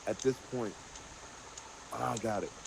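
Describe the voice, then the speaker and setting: A man hosting a casual group Bible study, talking in an animated way with everyday parallels. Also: on the low side, takes it slowly, gravelly, noisy background. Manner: animated, draws everyday parallels, many fillers.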